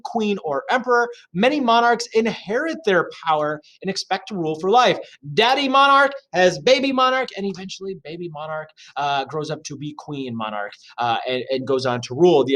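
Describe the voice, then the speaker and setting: Man teaching a lesson, somewhat high voice, lively pitch, chatty, jokey asides, lots of fillers. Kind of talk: reading and explaining a lesson.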